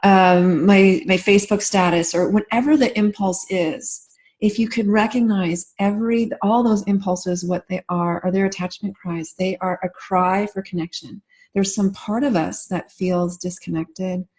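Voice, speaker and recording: A woman guest in an interview, speaking gently and reflectively with many restarts and soft fillers, slowing down when she voices tender inner thoughts. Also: medium pitch, steady tone.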